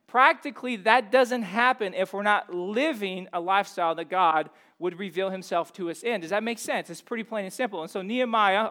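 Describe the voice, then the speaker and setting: Conversational man preaching, high voice. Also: a little fast, hardly any pauses, bright, forceful tone. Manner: conversational, asks the room questions. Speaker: pastor. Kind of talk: sermon.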